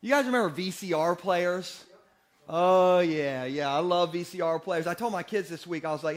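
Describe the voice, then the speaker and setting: A man in his forties preaching a sermon in a church, energetic and joking, often asking the congregation questions. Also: sits high, moderate pace. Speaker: pastor. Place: church sanctuary.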